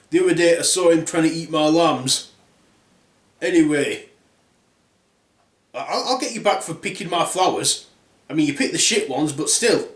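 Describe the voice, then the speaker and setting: A man voicing a grumpy, shouting male landowner in a comic fairy tale, loud and cross. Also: on the high side, natural voice. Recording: roomy echo.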